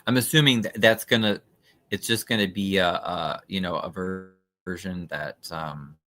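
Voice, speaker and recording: A man with a low voice and a bright, forceful tone hosts a casual livestream from his computer. He talks in a skeptical, chatty way, full of fillers, as he reads through documents on screen. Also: fairly even intonation, normal speed. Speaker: livestream host.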